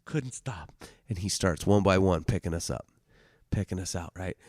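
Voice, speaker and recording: A man hosting a podcast, telling a story in a loose, heavily swearing way, swinging from loud bursts to hushed asides. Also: deep voice, normal speed, no room sound, studio quality. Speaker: podcast host telling stories. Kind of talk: casual storytelling monologue.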